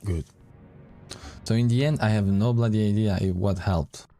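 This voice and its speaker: A man's voice: on the low side, moderate pace, warm tone, soft background music. A man playing a game on stream, reading its text aloud dramatically and breaking off with surprised asides. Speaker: let's play streamer.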